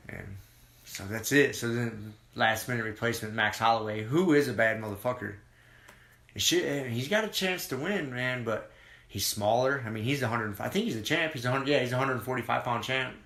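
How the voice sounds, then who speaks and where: Rambling, bright-voiced podcast host. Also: male voice, medium pitch, a little fast, roomy sound. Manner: rambling, profane, excited about fights. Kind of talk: casual chat.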